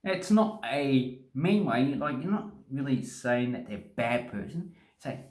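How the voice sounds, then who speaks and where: A man's voice: mid-range voice, expressive, a little slow, few pauses. An Australian man vlogging casually into a phone, joking and wandering into asides while he explains. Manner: chatty, joking, rambling asides. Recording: echoey room on phone.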